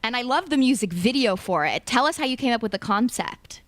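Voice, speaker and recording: A woman's voice: on the high side, lively intonation, a little fast, fairly bright tone, no echo. A woman co-hosting a casual interview, bubbly and teasing with her guest. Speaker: co-host.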